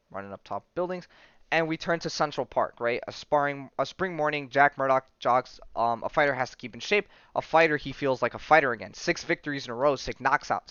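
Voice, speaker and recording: A man's voice: mid-range voice, clean tone, no room sound, dull audio. Man casually recapping a comic book. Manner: relaxed, rambling, many fillers and self-corrections. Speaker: podcast host.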